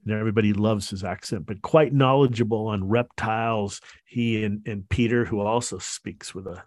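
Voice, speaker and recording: A man co-hosting a casual podcast, talking in halting stretches with lots of fillers and restarts. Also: fairly low pitch, dry recording, studio quality. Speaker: podcast co-host.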